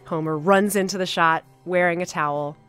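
A woman hosting a podcast, reviewing an episode in a casual, enthusiastic way with many fillers and pauses. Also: on the low side, fairly even intonation, fairly bright tone, smooth, faint music behind. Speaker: podcast host.

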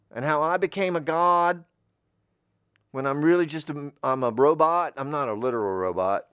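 A man's voice: fairly high pitch, fairly bright tone, smooth, dry recording, studio quality, voice pushed up, lightly acted. A man voicing a pompous, bossy male god of an alien planet in an improvised comedy story, commanding others to stay silent. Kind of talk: improvised comedy role-play.

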